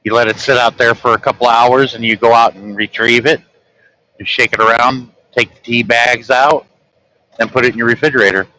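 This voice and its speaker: A man with a Southern American accent chatting casually and telling folksy, relaxed stories. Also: medium pitch, a little fast, poor audio. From southern United States. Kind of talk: casual chat.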